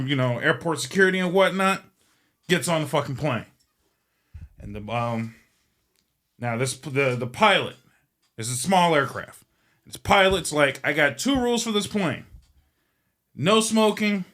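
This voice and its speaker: A man's voice: medium pitch, a bit bright. A man hosting a podcast, telling a long joke in a casual, rambling and profane way. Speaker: podcast host. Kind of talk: casual storytelling.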